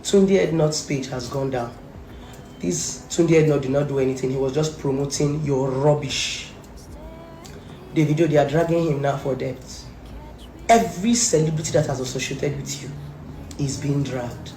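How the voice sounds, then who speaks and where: A woman's voice: rumbling low, moderate pace, dark tone. A woman with a Nigerian accent delivering a fierce, accusing rant to camera, hammering her points with repetition. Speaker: social media commentator. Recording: echoey room, faint background music.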